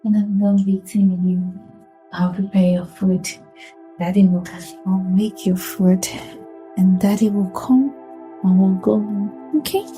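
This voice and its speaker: An actress playing a mother who slowly coaxes her troubled daughter. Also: medium pitch, fairly even intonation, mellow, soft background music, close to an everyday voice. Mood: coaxing. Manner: slow, coaxing.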